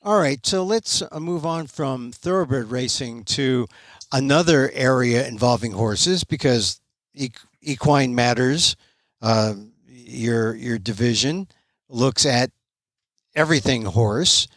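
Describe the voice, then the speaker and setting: A man hosting a podcast interview, posing questions in a halting way with restarts. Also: mid-range voice, a bit bright, no echo. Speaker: podcast host.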